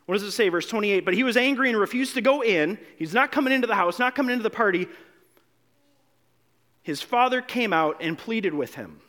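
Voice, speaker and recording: A male pastor delivers a sermon in a fairly high voice that rises and falls widely. He acts out the voices in the passages he reads and swings from loud to hushed. He often stumbles and repeats a word before pressing on. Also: lively intonation, brisk. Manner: repeats words when restarting.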